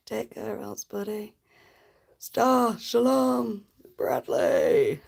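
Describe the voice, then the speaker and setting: A woman's voice: mid-range voice, creaky, darkish tone, husky. A woman hosting a casual livestream, chatting cheekily with viewers and laughing often. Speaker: livestream host.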